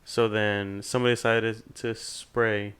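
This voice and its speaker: A young man telling a long, animated story in casual podcast chat, swearing freely and acting out other people's voices. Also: fairly low pitch, a little slow, clean tone. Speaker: podcast guest.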